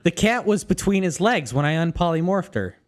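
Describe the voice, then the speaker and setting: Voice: medium pitch, expressive, fairly quick. Stammering, hesitant tabletop player. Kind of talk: casual in-character play.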